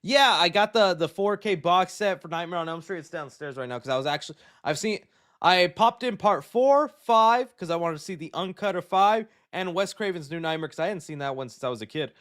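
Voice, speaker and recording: A young man hosts a casual live show, talking in a somewhat high voice. He reacts loudly and excitedly to what he reads. His talk is loose and friendly, full of "dude.". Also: a little fast. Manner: excitable, loud reactions, says "dude" a lot. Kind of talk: casual livestream chat.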